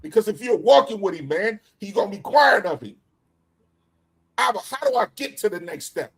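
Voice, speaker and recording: Man, middle-aged, husky, lively pitch, emphatic scripture talk. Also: fairly quick. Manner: preacher-like, animated, emphatic. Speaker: co-host. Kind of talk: casual scripture discussion.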